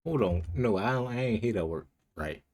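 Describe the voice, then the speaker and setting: A man's voice: fairly low pitch, expressive, brisk. Cursing, incredulous man reacting live. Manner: loud incredulous outbursts, heavy cursing, slang. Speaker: streamer reacting to a video.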